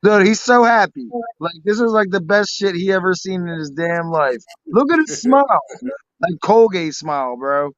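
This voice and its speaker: A man hosting a livestream, reacting to a clip with excitable, repeated remarks and casual swearing. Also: sits high, moderate pace, no room sound. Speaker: livestream host. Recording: lo-fi, dull sound.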